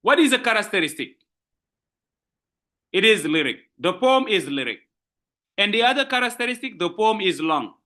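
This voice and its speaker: A man with a giving a university literature lecture, explaining terms slowly, repeating and rephrasing points, often checking in with "okay?". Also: sits high, big pitch swings, bright, forceful tone. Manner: slow deliberate delivery with frequent rephrasing.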